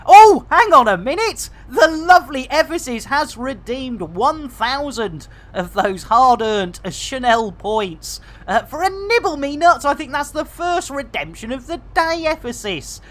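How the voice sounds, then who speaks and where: A man's voice: very high voice, big pitch swings, unhurried, hardly any pauses, a bit bright. Barnsley man, middle-aged, game streamer, playful banter, catchphrases. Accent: Barnsley, Yorkshire. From England. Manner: jokey, chatty, with playful catchphrases. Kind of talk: live gameplay stream chat.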